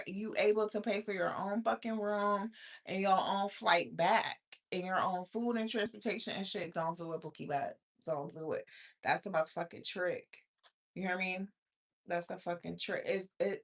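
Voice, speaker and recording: Woman, thirties, livestream host, blunt, profane, animated ranting. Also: medium pitch. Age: 30s. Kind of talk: casual livestream chat reading viewer comments.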